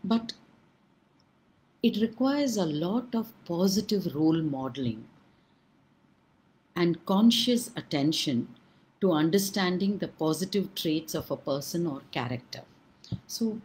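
A woman educator telling a folk tale, then speaking to parents about storytelling, in a gentle, measured way with pauses. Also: low voice, a little hiss or hum, poor audio. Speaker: early-years educator.

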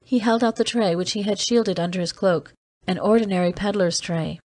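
A woman's voice: medium pitch, dry recording, lightly acted. Woman reading as a terse seasoned agent. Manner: steady, measured storytelling. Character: weary man, seasoned off-world agent, terse. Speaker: audiobook reader. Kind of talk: scripted narration.

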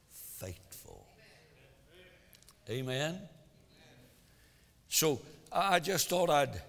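A man preaching a sermon in a church, swinging between loud exhortation and quiet asides. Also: medium pitch, gravelly, in a large hall. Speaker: pastor. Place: church sanctuary.

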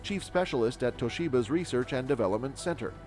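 A man delivers scripted news narration at a mid-range pitch, reading each line evenly and steadily. Soft music plays faintly underneath his voice. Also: lively intonation, fast.

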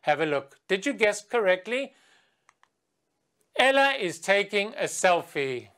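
A woman English teacher giving a slow, clear video lesson to children, asking quiz questions and leading a chant. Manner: patient, asks quiz questions and chants with the class; sings a chant in a higher, lively voice.

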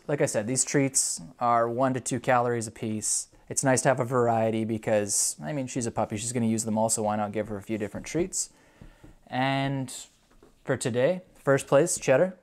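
A dog owner hosting a casual video, giving a puppy quick commands and upbeat play-by-play commentary. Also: mid-range voice, darkish tone.

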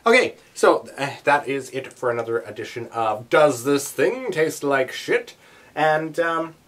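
A man's voice: a little high, lively intonation, measured pace, fairly bright tone. A young man vlogging a taste test, talking in a rambling, chatty way with many asides. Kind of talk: casual chat to camera.

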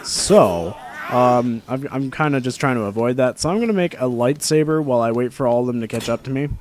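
A man's voice: medium pitch, a little fast, a little mellow, slight background noise. Rambling young male game commentator. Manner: rambling and chatty, with joking asides. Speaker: gameplay commentator. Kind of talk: casual let's-play commentary. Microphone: desk microphone.

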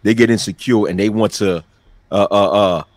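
A man speaking as a guest on a casual panel chat, blunt and a bit halting. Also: on the low side, steady tone, dry recording. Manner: blunt, hesitant with fillers.

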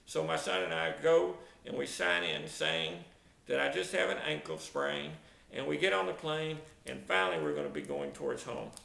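A man's voice: a little high, big pitch swings, moderate pace, gravelly, sharp tone. A middle-aged man telling a comic travel mishap, dramatic and exaggerated, acting out sound effects. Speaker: storyteller, video narrator. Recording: roomy echo.

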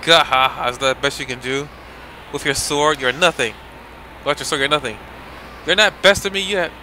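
A man's voice: a little high, moderate pace, sharp tone, slight background noise, voice pushed down, low-quality recording. A man voicing an arrogant male villain who mocks his foes with scorn. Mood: taunting. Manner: taunting, mocking.

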